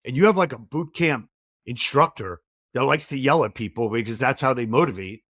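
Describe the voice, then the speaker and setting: A middle-aged man, a podcast guest, talking in a lively conversational way and acting out quoted dialogue from his own stories. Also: mid-range voice, brisk, no room sound, studio quality. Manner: animated storyteller, acts out quoted dialogue.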